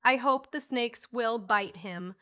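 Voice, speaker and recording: An excitable, bossy young boy from a storybook, read by a woman narrator. He speaks in a high, bright, forceful voice and keeps exclaiming and insisting. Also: slow. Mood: excited. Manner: eager, exclaiming, raised voice. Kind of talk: audiobook character reading.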